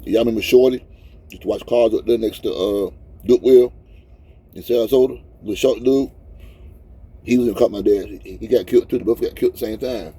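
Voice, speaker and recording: A man's voice: fairly low pitch, brisk, dark tone, breathy edge. A man in his fifties, crying as he talks in a rambling, heartfelt vlog from his truck cab. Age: 50s. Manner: rambling, heartfelt, repeats himself. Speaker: truck driver vlogger. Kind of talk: casual emotional vlog talk.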